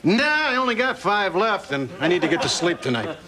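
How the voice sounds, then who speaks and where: A man's voice: high voice, big pitch swings, brisk, a crowd in the background, noisy background. A middle-aged man playing a crude, cynical sitcom father who makes wisecracks. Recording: sitcom audio over a loud laugh track. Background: studio audience laughter.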